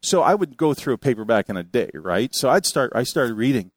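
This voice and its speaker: An older man preaching a sermon, telling stories in an animated, folksy way and reading scripture aloud. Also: mid-range voice, brisk, breathy edge, dry recording, clean studio sound. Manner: animated storytelling with folksy asides. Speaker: pastor.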